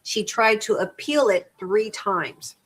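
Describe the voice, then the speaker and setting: A woman's voice: medium pitch, expressive, slow, slightly rough, low-quality recording. A middle-aged woman hosting a crafting live stream, chatting casually and rambling as she repeats and restarts words. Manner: reads crafting measurements aloud. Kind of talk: casual chat while crafting.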